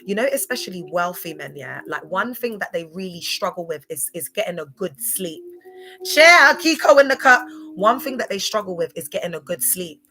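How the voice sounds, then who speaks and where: A woman's voice: fairly low pitch, lively intonation, fairly quick, hardly any pauses, a bit bright, faint music behind. A young woman chatting casually to viewers on a livestream, laughing often. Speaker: livestream host.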